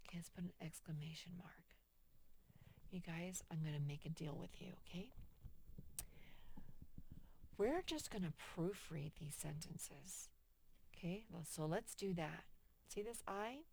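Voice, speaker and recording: Slow, patient woman teaching young kids. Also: fairly low pitch, expressive, creaky, darkish tone, a little hiss or hum. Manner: slow, patient, reads sentences aloud with emphasis. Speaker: first grade teacher. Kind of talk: online worksheet lesson for young children.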